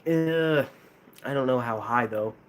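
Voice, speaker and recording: A man with a lisp, chatting casually on a live stream, hesitant and halting, with frequent restarts. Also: medium pitch. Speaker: streamer ranking plush toys.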